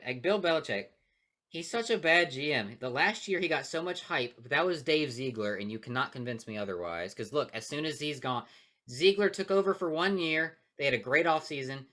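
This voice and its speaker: Podcast co-host, male, bright forceful tone, opinionated, flares up loud. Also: medium pitch. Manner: opinionated, loud outbursts when riled. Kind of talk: casual sports chat.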